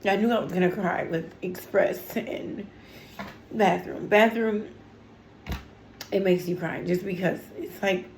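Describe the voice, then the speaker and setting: A woman's voice: on the low side, fairly even intonation, normal speed, few pauses, darkish tone, reverberant, a little hiss or hum, rough recording. A woman giving a casual tarot reading on her channel, talking in an emotional, chatty way with lots of fillers, teary as she goes. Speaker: tarot reader.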